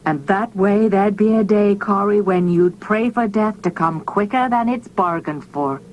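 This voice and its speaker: A woman voicing a weary male spaceship captain who speaks quietly and heavily, reading an audiobook. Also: medium pitch, a little slow, highs cut off, slight background noise, lightly acted. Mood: grave. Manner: quiet, heavy, gentle.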